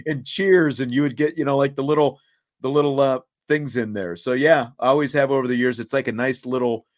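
A middle-aged man from Kansas hosts a casual sports talk show. He rambles in a friendly, unscripted way, stringing thoughts together with filler words. His voice sits at an ordinary middle pitch. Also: fairly even intonation, fairly quick. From Kansas, USA. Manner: conversational, many fillers like "you know, like".

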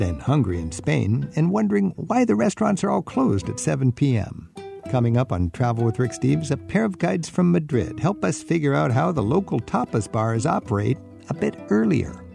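A man's voice: mid-range voice, creaky. A man hosting a radio travel show, interviewing a guest and introducing segments in a conversational way. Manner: lively, conversational presenter.

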